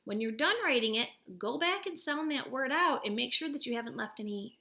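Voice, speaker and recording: Bright-voiced woman teaching a spelling lesson. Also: fairly high pitch, lively intonation, brisk, hardly any pauses. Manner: patient, encouraging, breaks words into sounds. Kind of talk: recorded remote spelling lesson. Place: home.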